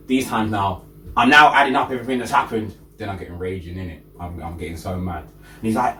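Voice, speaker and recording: Young guy, lowish voice, laid back storytelling, echoey room with a faint hiss. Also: normal speed. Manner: relaxed storyteller, builds to indignation. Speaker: podcast co-host. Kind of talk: casual chat. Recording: echoey room, mic at a distance, faint noise.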